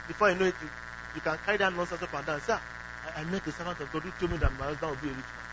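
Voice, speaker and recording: Man preaching a sermon, fairly high voice. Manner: emphatic, asks the congregation questions, acts out quoted prayers. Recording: dull lo-fi recording with faint hum.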